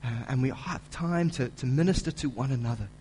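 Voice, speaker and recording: A man preaching a sermon as pastor, building to loud, emphatic delivery when he reads scripture. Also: mid-range voice, brisk, a little hiss or hum, low-quality recording. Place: church auditorium.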